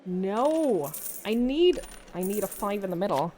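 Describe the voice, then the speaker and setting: A woman's voice: mid-range voice, sing-song, unhurried. A woman streamer commentating her own play live, talking to the game, swearing, laughing and thinking aloud between moves. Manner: talks to the game, swears, shifts from muttering to yelling.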